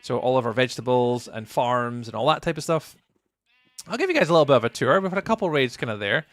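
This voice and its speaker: A man's voice: medium pitch, expressive, fast talker, fairly bright tone, dry recording. A Scottish man chatting casually with viewers while commentating a live game stream. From Scotland. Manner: friendly, chatty, greets viewers by name.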